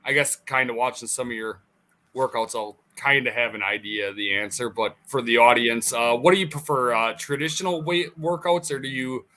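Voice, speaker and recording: A man co-hosting a podcast, asking his questions haltingly with lots of fillers. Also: mid-range voice, bright, forceful tone. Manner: hesitant questioner, many fillers. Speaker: podcast co-host. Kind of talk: casual chat.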